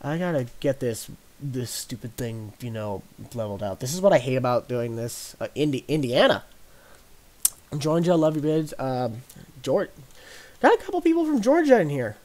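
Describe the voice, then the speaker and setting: A man's voice: mid-range voice, very animated, moderate pace, darkish tone. A young man from Nebraska hosting a casual gaming livestream, chatting and answering viewer comments as he builds. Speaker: livestream host.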